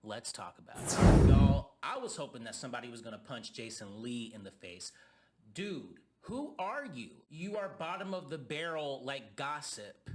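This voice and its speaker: A man's voice: mid-range voice, sing-song, moderate pace, background noise. A young man giving a heated, profane rant reviewing a reality TV reunion. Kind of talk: ranting commentary.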